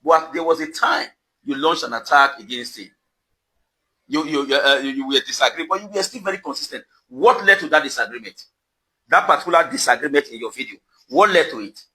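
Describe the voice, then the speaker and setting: This rough recording captures a Nigerian social media commentator outside his house, accusing someone directly to camera and repeating his questions for emphasis. The voice is a little high and sharp, with lively intonation and a brisk pace.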